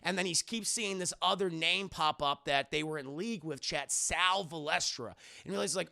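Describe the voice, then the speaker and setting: Young man, streamer, casual recap to chat, gravelly voice, bright and sharp, swearing. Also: on the high side, moderate pace, hardly any pauses. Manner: rambling, profane, addresses chat. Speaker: streamer reviewing a movie.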